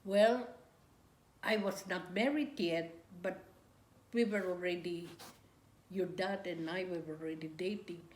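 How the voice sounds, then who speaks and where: An older woman speaks in a fairly low voice, slowly and haltingly, with pauses and restarts. She is recalling her memories for an interviewer. The room is echoey, with a faint ambient hum underneath. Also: fairly even intonation. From Philippines. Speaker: grandmother recounting wartime memories. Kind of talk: oral history interview.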